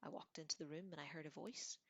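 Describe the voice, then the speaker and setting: A woman's voice: low voice, fairly even intonation, quick pace, vocal fry, slightly rough, no room sound, full character voice. A woman voicing an eccentric middle-aged witch seer who speaks in a lofty, mystical and defensive way. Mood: haughty.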